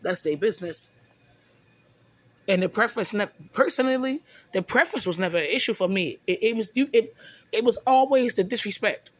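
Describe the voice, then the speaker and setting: Brisk and lively in her intonation, a woman with a medium-pitched voice vents in a loose, rambling monologue. She repeats and stumbles over words a lot, with frequent uses of "you know what I'm saying".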